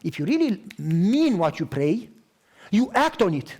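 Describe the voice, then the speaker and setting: A man's voice: sits high, sing-song, a little slow, darkish tone. A man from Romania, preaching a sermon emphatically and acting out conversations. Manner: emphatic, acts out dialogue. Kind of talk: storytelling sermon.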